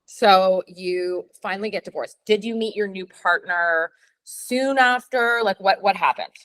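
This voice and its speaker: A woman hosting a casual conversation, talking in a chatty, animated way with lots of filler words. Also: mid-range voice, a little slow, dry recording. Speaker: host.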